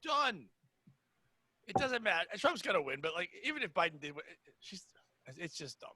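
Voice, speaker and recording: A man co-hosting a comedy podcast, ranting loudly and crudely, swearing often. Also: high voice, very animated, normal speed. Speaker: podcast co-host. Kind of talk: casual comedic podcast banter.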